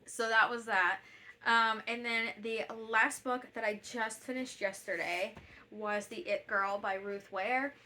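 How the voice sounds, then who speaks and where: Bright-voiced gushing woman book vlogger. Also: on the high side, fairly even intonation, a little slow. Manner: gushing, effusive, many fillers and restarts. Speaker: BookTube host. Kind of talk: casual book review chat. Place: at home.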